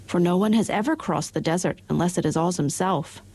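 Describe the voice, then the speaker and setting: A woman's voice: lowish voice, a little fast, a little mellow. A woman voicing a timid male soldier with green whiskers, speaking deferentially in a storybook reading.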